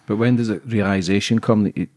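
A man's voice: lowish voice, fairly even intonation, fast talker, a little mellow, no room sound. A man hosting a podcast interview, asking blunt, teasing questions. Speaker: host.

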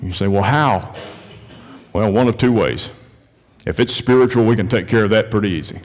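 A man's voice: fairly low pitch, fast. Preaching man in a reverberant church. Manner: preaching with big swings from hushed to shouted. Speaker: pastor. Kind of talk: sermon. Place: church sanctuary during worship service. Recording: long reverb of a church hall.

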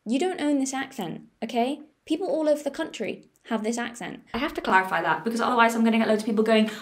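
A woman's voice: fairly high pitch, lively intonation, fast, hardly any pauses. A young woman from the north of England talking casually as a vlogger, chatty and jokingly defensive. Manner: chatty, jokey and mock-defensive. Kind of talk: casual chat.

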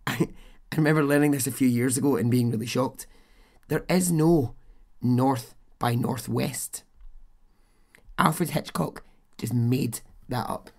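Slow, husky-voiced man telling a story. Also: mid-range voice, darkish tone. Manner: chatty and blunt, swears and adds his own asides. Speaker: podcast host. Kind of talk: casual true-crime storytelling.

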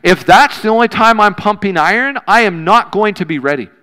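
A man's voice: high voice, expressive, fairly quick, sharp tone, clear, resonant tone. A man preaching a sermon as a pastor, earnest and direct, talking plainly to his congregation and pushing harder on key points. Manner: earnest, direct, conversational preaching with rising emphasis. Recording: long hall reverb.

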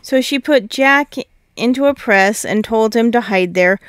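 Female storybook narrator, measured and steady, slightly high voice, smooth and clear. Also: no room sound, clean studio sound.

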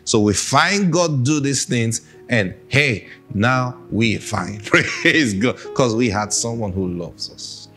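A man's voice: medium pitch, lively intonation, slow pace, few pauses, bright, forceful tone, faint music behind. A man preaching a sermon, emphatic and repeating phrases for stress.

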